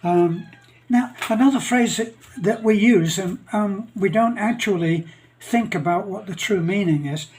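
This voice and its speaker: An older man with a Northern English accent, telling jokes and stories in a rambling, chuckling way with many pauses. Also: sits high, a little mellow, a little hiss or hum. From England. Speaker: channel host. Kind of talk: casual storytelling monologue.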